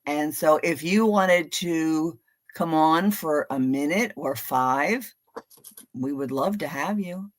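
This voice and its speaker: A playful woman co-hosts a casual livestream and giggles between her lines. Her voice is a little lower than most, and she patiently walks her partner through each step. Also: slow. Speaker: co-host of reading stream.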